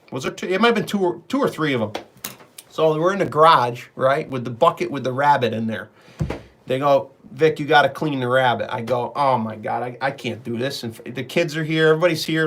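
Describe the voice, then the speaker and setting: A middle-aged man talks casually on a live stream. He rambles from one story to the next and calls out viewers by name. His voice sits slightly higher than most men's. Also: fairly bright tone.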